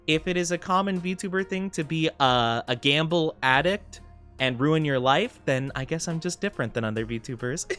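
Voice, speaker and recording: Soft background music plays under a VTuber's fairly high, clean voice as he talks at a moderate pace. He chats casually with viewers while playing, reads chat aloud, rambles, laughs often, and gets excited when greeting people.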